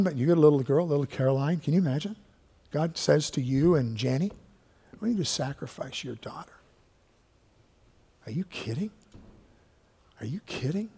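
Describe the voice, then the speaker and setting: A man preaching a sermon as pastor. He stretches out key words for emphasis and sometimes sinks into a hushed voice. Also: on the high side. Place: church sanctuary. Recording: long reverb of a church hall.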